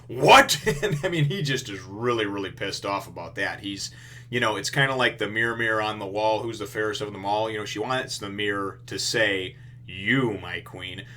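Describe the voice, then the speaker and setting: A man's voice: fairly low pitch, a little fast, bright, forceful tone. A man reviewing a manga chapter in a casual, rambling way, full of fillers and blunt, profane remarks.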